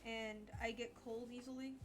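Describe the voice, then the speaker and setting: Young woman streamer, tired and low-key, slightly high voice, candid rambling chat over faint music. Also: level tone, normal speed. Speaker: art streamer. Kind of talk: casual live-stream chat.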